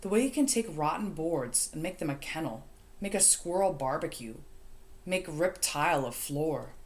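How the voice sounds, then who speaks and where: A woman narrating an audiobook in the first person, steady and measured. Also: low voice. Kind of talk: audiobook reading.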